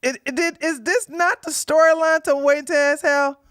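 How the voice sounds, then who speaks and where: A woman's voice: high voice, brisk, no echo, studio quality. A woman hosting a live commentary stream, talking casually and animatedly to her chat. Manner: animated, talks to chat, sings snatches. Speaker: livestream commentary host.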